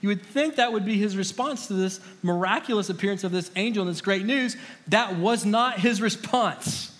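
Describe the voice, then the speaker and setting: A man's voice: high voice, normal speed, a bit bright. A man preaching a sermon as pastor, in a casual, conversational way with slangy asides. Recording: long reverb of a large hall.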